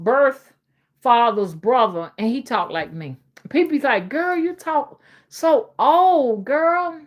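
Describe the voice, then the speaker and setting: A livestream host from Alabama speaks in a high-pitched, fairly bright voice with an old-fashioned Southern accent. She chats casually and reads viewers' comments in a folksy way.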